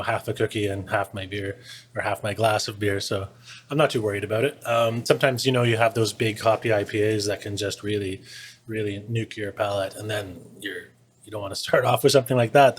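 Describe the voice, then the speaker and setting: Easygoing man talking fast, slightly raspy tone, casual podcast guest. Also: on the low side, fairly even intonation. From Canada. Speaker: beer writer and podcast guest. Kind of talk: casual chat.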